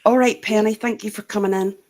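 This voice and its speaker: A woman's voice: mid-range voice, brisk. A woman from Northern Ireland with a Northern Irish accent, hosting a casual group chat and laughing often. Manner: laughs often, chatty and animated. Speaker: show host.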